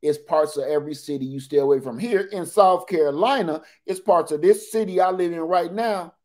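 A man in his forties, a livestream host telling animated, joking stories in casual talk. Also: a little high, a little fast.

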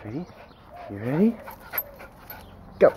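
A man's voice: fairly high pitch, big pitch swings, slow, dark tone, slight background noise. A man chatting casually in a daily vlog, playful as he talks to his dog at home. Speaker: vlogger.

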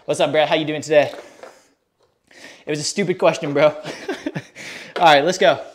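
A young fitness streamer livestreams a home workout, out of breath and talking to chat in hyped, casual bro slang. His voice is fairly high with fairly even intonation and a moderate pace, over slight background noise.

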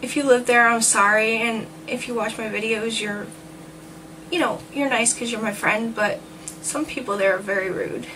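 A talkative woman from New Jersey tells a rambling story for her vlog, acting out what others said. Her voice sits a bit high. She is heard from a distance from the mic, and a clear hiss of background noise runs under her. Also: fairly even intonation, moderate pace. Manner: chatty, rambling, quotes people in voices. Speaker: vlogger.

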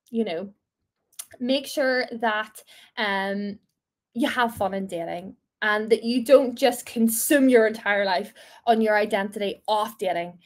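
A woman in her twenties leading a casual faith talk for a group, playful and encouraging, laughing often. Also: medium pitch. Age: 20s. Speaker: small group leader.

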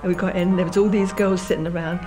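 A woman's voice: lowish voice, steady tone, quick pace, music in the background. Elderly woman recalling her childhood. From London. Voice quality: frequent restarts and repeated words while remembering. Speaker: oral history interviewee. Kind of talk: reminiscing, telling a life story.

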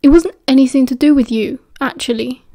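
A woman's voice: high voice, a little fast, dark tone. A woman with a British accent voicing a prickly, tired teenage boy who answers curtly and coldly. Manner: curt, cold, clipped.

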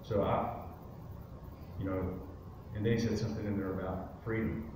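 A man's voice: lowish voice, flat delivery, normal speed, noisy background. A man giving a guest testimony at a church service, telling a personal story in a loose conversational way with many fillers. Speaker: guest speaker. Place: church sanctuary. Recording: very echoey room, from far off.

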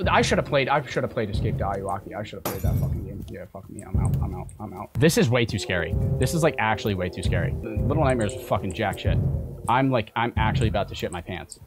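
A young man streams a horror game with game music playing behind him, muttering to himself before breaking into panicked shrieks and curses. His voice is lowish and fairly quick, with lively intonation.

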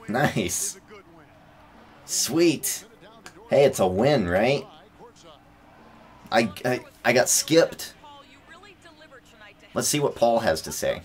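A young man commentating his own basketball video game, excitable, often bursting into yells and laughter. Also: on the low side, drawn-out words, pauses often.

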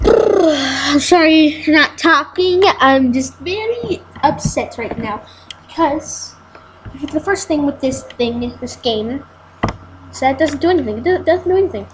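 Woman, high-pitched, exasperated gameplay commentator who exclaims and repeats lines. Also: animated, measured pace, noisy background. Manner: frustrated, exclaiming, repeats herself while playing. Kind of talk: casual let's-play commentary.

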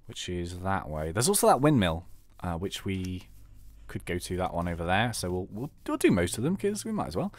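Chatty man with lively pitch. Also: no echo. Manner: chatty, excitable, rambling. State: slightly sore throat. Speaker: game commentator. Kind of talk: casual let's play commentary.

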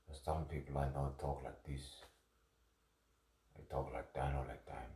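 A man slowly musing aloud in a spoken-word monologue, drifting in and out of a half-whisper. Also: very deep voice, fairly even intonation, creaky, warm tone, reverberant, far from the mic.

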